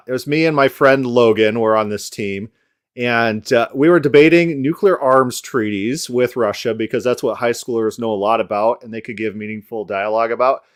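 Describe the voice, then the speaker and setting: A man hosting a casual commentary podcast, talking at an ordinary middle pitch. He riffs on a debate clip in an easygoing, mocking way. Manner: sarcastic, mocking impressions in quotes. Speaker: podcast host.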